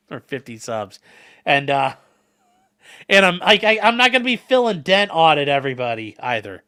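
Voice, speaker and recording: A man's voice: high-pitched, very animated, normal speed, pushed and bright, clean tone. A man hosting a livestream, rambling and joking as he reacts to the chat. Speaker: livestream host reading chat. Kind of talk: casual stream chat.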